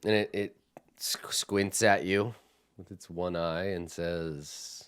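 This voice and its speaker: Meneur de jeu lent, voix claire. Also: male voice, low voice, steady tone, clean tone. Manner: unhurried, with many fillers and restarts while describing. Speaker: game master. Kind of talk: narrating a tabletop game.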